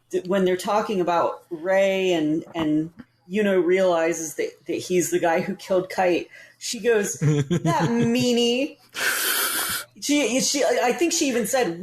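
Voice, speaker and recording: A woman's voice: fairly low pitch, unhurried, darkish tone, reverberant, poor audio. A woman co-hosting a casual game podcast, speaking in a wry, teasing way. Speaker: podcast co-host.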